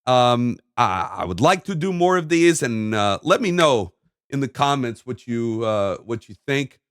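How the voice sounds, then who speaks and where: A man's voice: medium pitch, sing-song, measured pace, fairly bright tone, clear, resonant tone. A man hosting his own video, delivering a heated solo monologue to camera in an emphatic, ranting way with repeated phrases. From United States. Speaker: video host.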